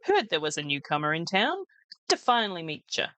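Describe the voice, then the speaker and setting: A friendly old fisherman with homespun sayings and a lively, bobbing delivery, as a woman reads him. He stays easygoing and unhurried, like a video game character chatting by the docks. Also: low voice, no echo, exaggerated voice. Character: gruff old male fisherman, friendly and folksy.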